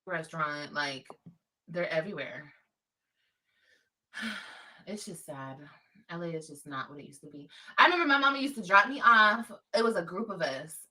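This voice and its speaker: A woman's voice: lowish voice, expressive, moderate pace, long pauses, sharp tone, recorded from a distance, low-quality recording. A woman from Los Angeles chatting casually on a livestream, emphatic and repeating her points. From Los Angeles, California.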